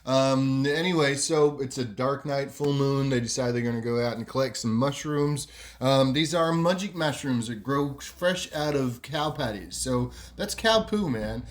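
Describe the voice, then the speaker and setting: A man's voice: mid-range voice, measured pace. A man casually telling a story on a podcast, rambling with lots of ums and asides. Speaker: podcast host.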